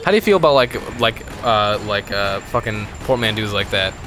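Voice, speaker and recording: A young man co-hosting a let's play, joking loudly and swearing while gaming. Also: on the low side, lively intonation, moderate pace, background noise. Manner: loud, profane, jokey, puts on silly voices. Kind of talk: casual gameplay banter.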